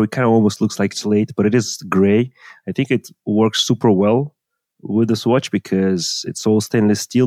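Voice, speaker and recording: Lowish man. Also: dark tone, no room sound, studio quality. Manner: measured, unhurried, with fillers. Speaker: podcast co-host. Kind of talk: casual chat.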